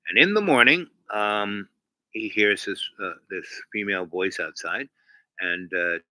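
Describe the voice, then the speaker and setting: A man with a low, very bright and sharp voice, recorded dry and close. He rambles through a casual story on his own channel. He halts often and restarts his sentences, full of ums. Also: dry recording, low-quality recording. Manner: halting, many fillers and restarts. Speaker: channel host.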